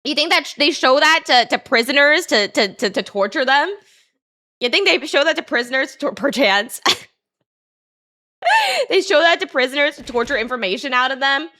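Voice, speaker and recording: A high, bright woman chatting to her stream, bubbly and giggly, piling up repeats of the same phrase. Her pitch leaps about animatedly as she gushes. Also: moderate pace. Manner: excitable, giggly, repeats herself. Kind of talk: casual stream chat.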